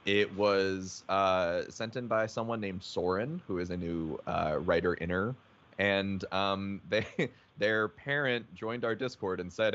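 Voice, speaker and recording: A man co-hosting a podcast livestream, talking in a relaxed, rambling way with fillers and casual swearing. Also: low voice, unhurried. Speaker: podcast co-host. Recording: dull stream audio with faint hiss.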